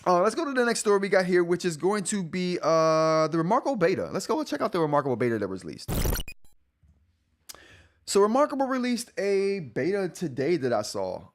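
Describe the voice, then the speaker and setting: A man's voice: sits high, big pitch swings, brisk. A man in his forties hosting a live tech stream, talking casually, rambling and correcting himself, often laughing. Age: 40s. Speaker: tech show host.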